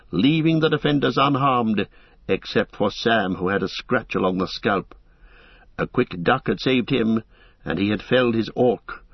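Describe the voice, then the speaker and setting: Husky male audiobook narrator. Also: mid-range voice, no room sound, dull audio. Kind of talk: audiobook reading.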